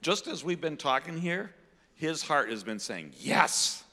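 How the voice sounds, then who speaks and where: Low male voice, swoops up and down a lot, teaching folks, hall echo trailing. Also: moderate pace. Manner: expressive, pointing things out to listeners. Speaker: ministry teacher. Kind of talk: casual teaching conversation.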